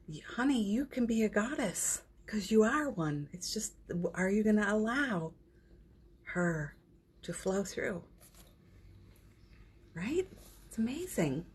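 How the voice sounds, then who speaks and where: Slow, breathy woman giving a gentle pep talk. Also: mid-range voice. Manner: gentle and affectionate, greets viewers by name, laughs often. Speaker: energy healer hosting a morning livestream. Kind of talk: casual spiritual pep talk on a livestream. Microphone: phone or computer mic for a livestream.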